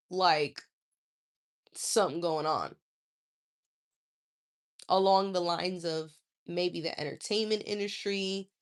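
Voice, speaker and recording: A woman hosting a casual live stream, answering viewer comments in a blunt, profane, scolding way. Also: mid-range voice.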